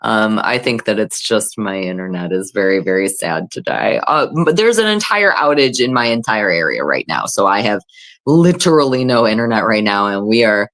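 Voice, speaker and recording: A woman's voice: rumbling low, sing-song, normal speed, fairly bright tone. A woman hosting a casual livestream, reading chat comments aloud and chatting in a self-deprecating, filler-heavy way. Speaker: livestream host.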